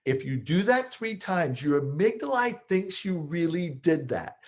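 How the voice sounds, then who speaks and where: A man coaching listeners on triggers, explaining with lively stories he partly acts out. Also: a little high, unhurried. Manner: animated storyteller, acts out scenes. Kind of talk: explaining with stories, podcast talk.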